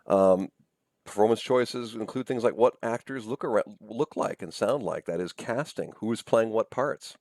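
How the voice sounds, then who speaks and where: Low-voiced man giving a casual lecture. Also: moderate pace, a little mellow, dry recording. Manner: conversational, thinks aloud with frequent "right?" and "um". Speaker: professor. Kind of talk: recorded lecture.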